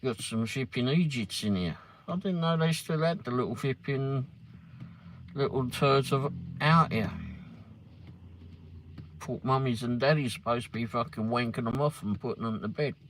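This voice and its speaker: A man with a mid-range, fairly bright voice talks at a moderate pace, hosting an informal live stream. He calls viewers by name and swears liberally, with traffic from vehicles audible in the noisy background.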